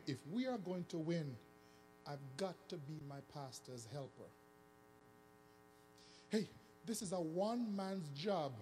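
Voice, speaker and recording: A man preaching a sermon, swinging between sung, shouted emphasis and hushed asides. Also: on the high side. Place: church hall. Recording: long church reverb with faint music.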